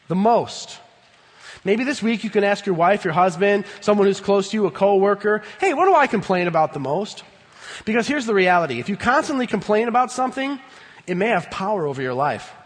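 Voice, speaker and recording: Emphatic high-voiced male pastor, hall reverb. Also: animated, normal speed. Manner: emphatic, swings from loud bursts to low earnest tones. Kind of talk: sermon. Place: church sanctuary.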